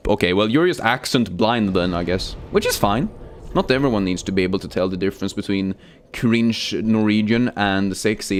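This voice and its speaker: A young man streaming a game, chatting casually, joking and swearing while he reads chat aloud. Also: lowish voice.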